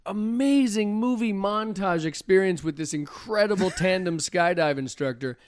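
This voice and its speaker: Man, high voice, dry close mic, animated storyteller. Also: moderate pace, clear, resonant tone, dry recording. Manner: animated, acts out quotes. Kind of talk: casual podcast chat.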